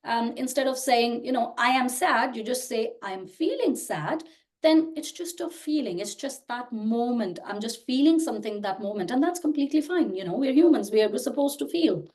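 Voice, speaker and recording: A woman's voice: a little high, animated, fairly quick, hardly any pauses, mellow. A woman in her thirties, a podcast guest, explaining earnestly in casual conversation, often restarting her sentences. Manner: earnest, explains with many restarts and "you know". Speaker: podcast guest, personal growth creator.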